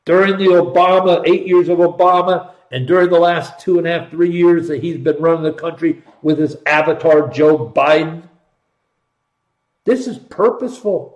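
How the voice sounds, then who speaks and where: Middle-aged male host, emphatic and sarcastic, high voice, roomy echoey sound. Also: moderate pace, muffled recording. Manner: emphatic, sarcastic, repeats for stress. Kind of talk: political commentary show.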